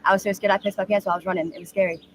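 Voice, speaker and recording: A woman in her thirties speaks quickly and candidly, halting often with fillers as she recounts her story. She is recorded outdoors on a street, with faint birdsong and street noise behind her. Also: mid-range voice, flat delivery. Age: 30s. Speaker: interviewee. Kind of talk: street interview.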